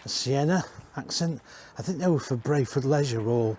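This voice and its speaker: A man's voice: mid-range voice, normal speed, dark tone, slight background noise. A man giving a casual, rambling walk-around tour inside used caravans, chatting and correcting himself as he goes. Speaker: caravan industry reviewer.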